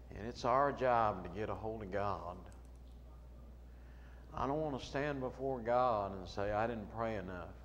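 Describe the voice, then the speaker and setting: A middle-aged man preaching a sermon as a pastor, moving between quiet storytelling and loud shouting. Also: mid-range voice, lo-fi sound. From United States. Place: church sanctuary. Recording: long hall reverb, faint room noise.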